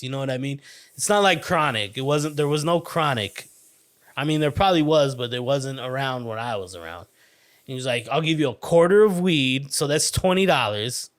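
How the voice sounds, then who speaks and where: A man hosting a podcast, telling a childhood story in a rambling, profane, animated way. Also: mid-range voice. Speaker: podcast host. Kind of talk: casual storytelling monologue.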